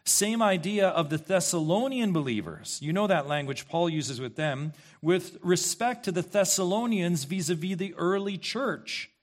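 A man's voice: high voice, animated, normal speed, hardly any pauses. Emphatic man preaching a sermon. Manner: emphatic, questioning, repeats key phrases. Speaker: pastor. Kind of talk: expository sermon.

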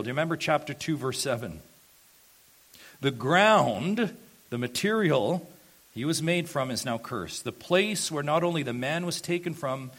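Male pastor, emphatic sermon delivery, swings between hushed low stretches and loud, drawn-out stresses. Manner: emphatic preaching, slows and swells on key points.

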